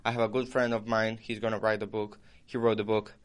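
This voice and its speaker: A man's voice: fairly low pitch, flat delivery, a little fast. A young man co-hosting a casual podcast, chiming in with dry, teasing remarks. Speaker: podcast co-host. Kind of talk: casual chat.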